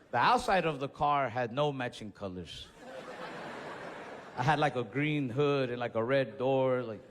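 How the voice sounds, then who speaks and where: A man doing stand-up storytelling on a comedy club stage, animated, acting out voices and yells. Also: medium pitch, slight background noise. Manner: animated, acts out voices and yells in his stories. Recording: stage mic in a reverberant venue.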